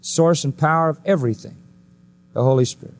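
Speaking a little fast, a preacher delivers an emphatic sermon packed with rhetorical questions. His pitch frequently swings high and then falls low.

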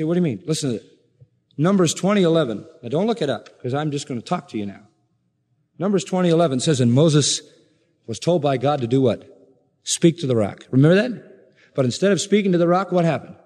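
A man preaching a sermon. He builds with pointed rising questions and drops low for quieter asides. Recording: echoey hall reverb.

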